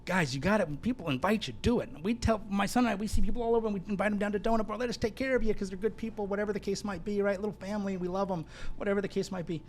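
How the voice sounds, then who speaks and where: A man's voice: high-pitched, very fast, hardly any pauses, slight background noise. A man who owns a donut shop, a guest telling rambling celebrity stories full of fillers and "dude". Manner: animated, rambling, many fillers, says "dude". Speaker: donut shop owner and chef, podcast guest. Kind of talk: casual storytelling chat.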